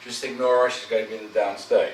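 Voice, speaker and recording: The man talks fast in a steady, mid-range voice. He's a dog trainer giving casual, direct instruction to a dog owner in a room at their home, regularly asking "okay?". The recording is roomy, picked up by a distant camera mic, with faint noise.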